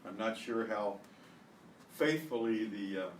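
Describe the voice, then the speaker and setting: A man teaching an online beginner language lesson, repeating words slowly with exaggerated pronunciation. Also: lowish voice. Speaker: Spanish teacher. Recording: echoey room, distant mic, faint hiss.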